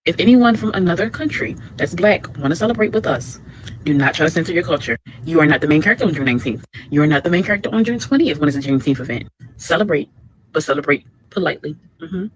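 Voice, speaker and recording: A man's voice: fairly high pitch, lively intonation, quick pace, a little hiss or hum, poor audio. A man giving an emphatic, lecturing message in a social media clip.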